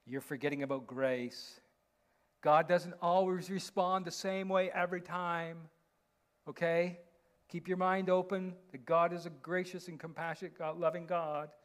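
A man preaching a sermon as a pastor, often asking his listeners questions and checking in with them. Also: sits high. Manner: asks the congregation rhetorical questions, tags lines with "right?".

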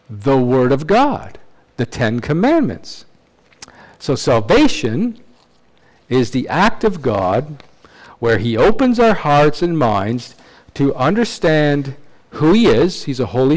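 A man's voice: medium pitch, a little mellow, low-quality recording. A man preaching an expository sermon in a conversational teaching manner, often checking in with his listeners and restarting phrases. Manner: conversational teaching with frequent tag questions and restarts.

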